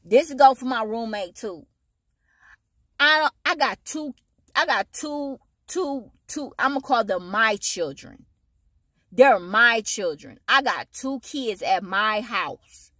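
A woman vents at home in a heated, profane monologue full of blunt slang. Her voice swings up into loud, high-pitched bursts, and the sound is dry and close. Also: lively intonation, slow pace, dry recording. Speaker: vlogger. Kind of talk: ranting monologue to camera.

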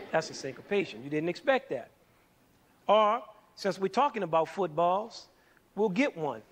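A man's voice: sits high, expressive, moderate pace. A man hosting a scripted music lesson, playful and demonstrating rhythms by counting beats aloud. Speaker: music educator and show host.

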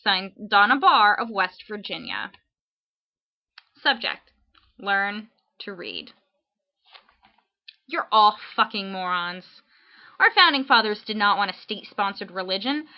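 A woman's voice: medium pitch, expressive, normal speed, dull audio. A woman reading hostile letters aloud in a dry, mock-serious recitation.

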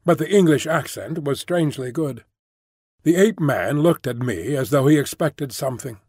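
A man narrates a novel in a measured, descriptive reading. His voice sits a little high for a man. The sound is dry and close to the mic. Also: a little mellow, slightly rough, no room sound. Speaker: audiobook narrator. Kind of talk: scripted narration.

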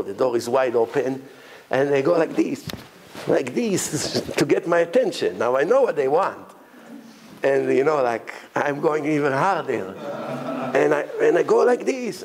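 A man with a gravelly, fry-tinged voice pitched a little high delivers a lively lecture. He tells stories and slips in and out of the voices of the people in them. He often laughs along with his own anecdotes. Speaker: rabbi lecturer. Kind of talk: animated lecture with storytelling.

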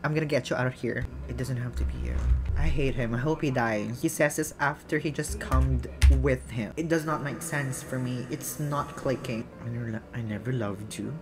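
A woman giving animated late-night movie reaction commentary at home, giggling and breaking into dramatic outbursts. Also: very deep voice, moderate pace, few pauses. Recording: film music playing under the voice. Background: movie soundtrack music.

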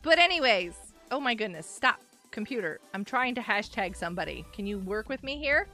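A woman's voice: mid-range voice, sing-song, fairly quick, sharp tone, faint music behind. A woman live streaming and chatting with her viewers in a bubbly, giggly way while nursing a headache. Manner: bubbly, giggly, talks to chat. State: has a headache.

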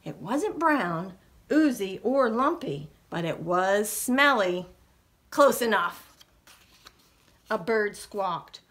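A middle-aged woman reading a picture book aloud to young children as a librarian, with slow, expressive delivery. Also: mid-range voice. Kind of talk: children's storytime read-aloud.

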